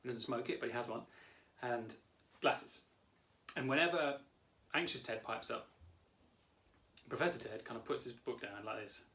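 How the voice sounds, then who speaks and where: Guy, 30s, calm therapist coaching you through it, mid pitch. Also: normal speed, long pauses. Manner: calm, warm explaining, talks directly to the viewer. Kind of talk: coaching video lesson.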